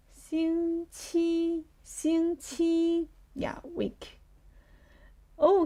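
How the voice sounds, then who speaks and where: A woman's voice: on the high side, creaky, dark tone. A woman with a Chinese accent teaching a live online lesson, patiently repeating words for her learners.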